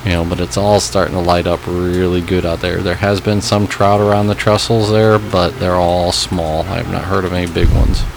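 A man's voice: sits low, level tone, normal speed, gravelly, hardly any pauses. A man giving a casual, matter-of-fact fishing report on a podcast, listing what is biting. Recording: noisy background.

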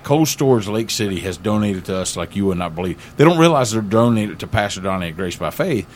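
Man, Southern country accent, pastor, folksy drawl, very low voice, slight room noise. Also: animated, brisk. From Florida. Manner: drawling, folksy, with many fillers. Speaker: pastor, podcast co-host. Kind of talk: casual chat and prayer.

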